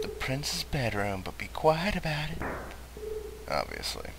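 A young man commentating on his own gameplay, cursing and shouting at the game. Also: on the high side, measured pace, creaky, noisy background. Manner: profane, excitable, shouts and curses at the game. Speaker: let's play host.

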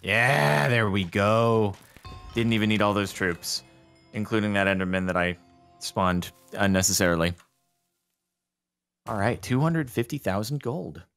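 A man's voice: on the low side, unhurried, vocal fry, pauses often, faint music behind. A man talking through a multiplayer strategy game with a friend, dry and sarcastic. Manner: relaxed, dry sarcastic banter. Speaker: gaming co-host. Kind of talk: casual gaming chat.

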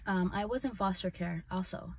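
An earnest woman recounts her own life story on her podcast, at an ordinary middle pitch. Her talk is loose and conversational, with plenty of "like" and "you know". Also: moderate pace, husky. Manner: earnest, conversational, full of "like" and "right?". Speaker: podcast host. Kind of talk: personal storytelling.

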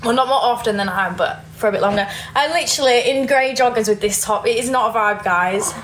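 A woman's voice: on the high side, fast, a bit bright, a little hiss or hum. Chatty young woman with a Yorkshire accent. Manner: chatty, giggly, reads comments aloud. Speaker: livestreamer reading viewer comments. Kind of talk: casual livestream chat. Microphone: phone.

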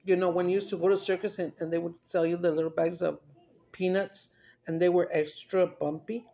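Brief: woman vlogger, gravelly voice, rambling eat-and-chat storyteller. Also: lowish voice, little pitch movement, brisk, mellow, lo-fi sound. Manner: rambling chatty storyteller, mixes in Spanish, laughs often. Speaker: mukbang vlogger. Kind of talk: casual chat while eating.

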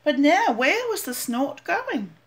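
An older woman, a grandmother, gently reading a children's picture book aloud with an expressive manner. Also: high voice, slow pace, a little hiss or hum. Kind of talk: storybook read-aloud.

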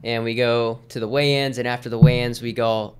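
Smooth-voiced man telling a rambling story. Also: medium pitch, flat delivery, a little fast, a little mellow. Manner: easygoing, rambling, with many fillers. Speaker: podcast guest. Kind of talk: casual storytelling in conversation.

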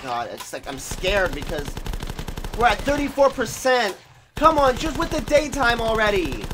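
High-voiced man ranting over gameplay. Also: sing-song, normal speed, background noise. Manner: frustrated, swearing, ranting at the game. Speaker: gaming channel host. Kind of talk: let's play commentary. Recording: game gunfire under the voice.

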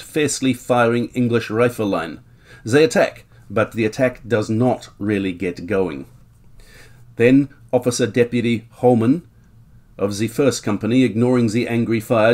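A man's voice: medium pitch, darkish tone, voice pushed up, natural voice. A man reading a German regimental account aloud in a put-on German accent, with stirring, dramatic delivery.

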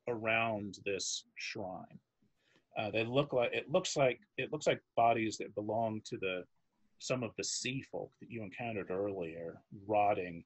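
A man running a tabletop game as dungeon master, describing scenes haltingly with many pauses and restarts. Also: lowish voice, fairly bright tone, slightly rough, no echo. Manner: halting, searching for words while describing.

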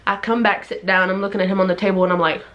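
A young woman vlogger telling a story in a casual, animated way, acting out everyone in it with big jumps in her voice. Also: mid-range voice, racing, highs cut off.

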